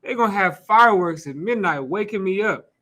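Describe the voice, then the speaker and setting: A man with a high, bright voice preaches to a small class in a loose, talky way. He keeps asking the room questions and slips in laughs and swearing. He sounds relaxed and street-casual rather than formal. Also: a little fast. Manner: casual, conversational, rhetorical questions, occasional cursing. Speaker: teacher leading a scripture class. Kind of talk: informal sermon.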